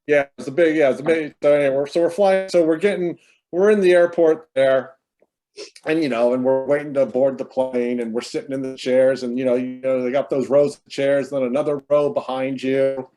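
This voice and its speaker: A man's voice: medium pitch, steady tone, brisk, dark tone, faint music behind. A man, brother of the deceased, telling a long story at a memorial over a video call, rambling with many fillers and restarts.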